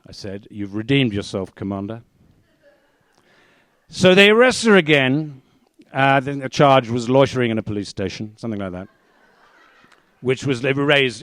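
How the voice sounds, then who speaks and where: Male storyteller, mid pitch, dry close sound, wry comic delivery. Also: fairly bright tone, dry recording. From England. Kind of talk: live storytelling performance.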